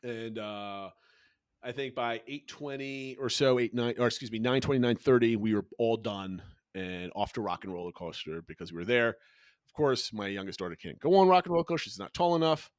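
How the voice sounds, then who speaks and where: Middle-aged dad podcaster, chatty story mode, lots of restarts, dry sound. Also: male voice, medium pitch, a little fast, clean tone, dry recording. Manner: animated storytelling with frequent restarts. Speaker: podcast co-host, father. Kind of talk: casual chat.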